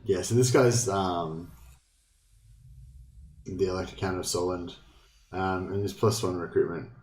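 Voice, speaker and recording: A man's voice: deep voice, steady tone, a little slow, a little mellow, slight background noise. An Australian man commenting casually on a strategy game he is playing, thinking aloud and swearing now and then. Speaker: gameplay streamer. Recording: roomy echo, faint game music.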